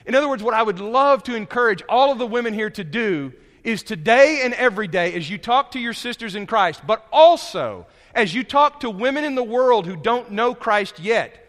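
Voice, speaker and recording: A male preacher giving a sermon in a conversational, animated storytelling manner, often restarting his phrases. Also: high-pitched, normal speed, hardly any pauses. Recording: long reverb of a hall.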